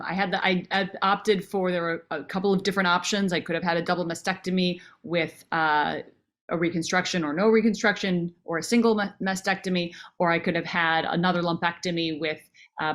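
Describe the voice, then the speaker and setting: A woman in her forties, speaking a little low, shares a personal story as an interview guest. She talks earnestly and with feeling, breaking off and restarting her sentences. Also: fairly even intonation, fairly quick, a bit bright. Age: 40s. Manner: earnest and emotional, restarting phrases.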